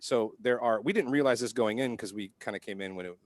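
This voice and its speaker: A man on a podcast telling profane, animated anecdotes in casual chat. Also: lowish voice, fast talker, no echo. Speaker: podcast co-host.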